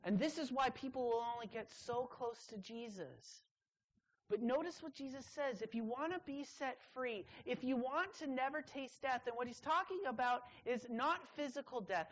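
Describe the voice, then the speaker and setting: A young adult woman preaching a sermon to students, leaning hard on key words with drawn-out pauses. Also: fairly high pitch, expressive, poor audio.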